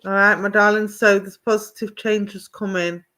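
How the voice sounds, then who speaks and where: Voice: medium pitch, flat delivery, moderate pace, pushed and bright. A psychic medium giving a live reading, speaking reassuringly and calling the listener pet names like darling and lovely.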